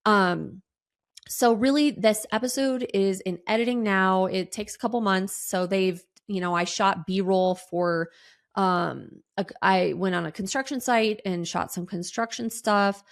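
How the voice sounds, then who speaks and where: Casting: woman in her thirties, middle-pitched, candid rambling podcast host. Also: a little slow. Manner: candid, rambling, with many fillers and restarts; animated quoted asides in a higher voice. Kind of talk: solo podcast monologue.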